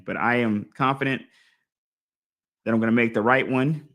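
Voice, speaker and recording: Male host, casual live-stream chat, mid-pitched, animated, thinks aloud. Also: moderate pace, long pauses. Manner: animated, talks through his choices out loud, acts out imagined crowd voices. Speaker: fantasy football league podcast host.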